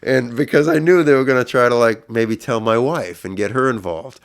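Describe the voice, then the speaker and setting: A middle-aged man, a podcast guest, earnestly retelling a personal story, his voice swelling louder at intense moments. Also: medium pitch, lively intonation, a little fast, smooth.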